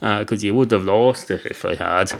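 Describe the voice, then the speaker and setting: A long-winded, pedantic barman explaining himself at length, as a man puts him on. The voice sits fairly low and never hurries to the point. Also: moderate pace, vocal fry.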